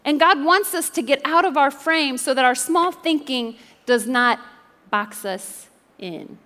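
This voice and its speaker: A woman preaching from the pulpit with a fairly high voice, mixing stories with jokes and asking the crowd to respond. Her voice spreads into the long, ringing reverb of a large church hall. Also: a little slow, sharp tone. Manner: playful storytelling with jokes and audience call-and-response. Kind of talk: sermon. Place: church sanctuary.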